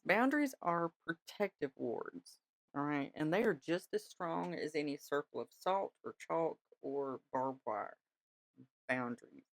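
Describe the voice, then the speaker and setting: A low-voiced woman hosts a podcast with no room sound. Her casual spiritual talk is chatty and reassuring, peppered with "all right?" check-ins for her listeners.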